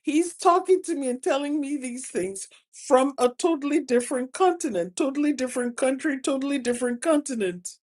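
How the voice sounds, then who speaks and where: A woman's voice: sits high, expressive, a little fast, few pauses, a little mellow. A woman hosting a casual motivational talk, laughing often and repeating phrases for emphasis. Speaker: host, spiritual advice speaker.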